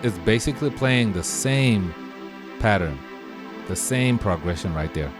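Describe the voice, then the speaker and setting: Male tutor, deep voice, easygoing slang-heavy delivery, music playing behind. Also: unhurried. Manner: relaxed, easygoing slang-filled talk. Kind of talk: casual screen-share tutorial.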